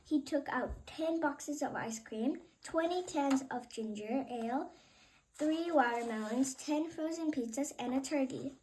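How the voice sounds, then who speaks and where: A woman reading a children's picture book aloud in an expressive, unhurried way. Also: sits high, a little hiss or hum, low-quality recording. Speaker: reader. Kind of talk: children's storybook read-aloud.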